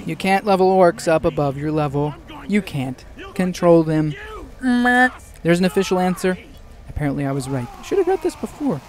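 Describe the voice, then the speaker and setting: A man hosting a casual game news show, excitable and jokey, tossing in quick asides. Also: sits high, faint music behind. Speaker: gaming news host.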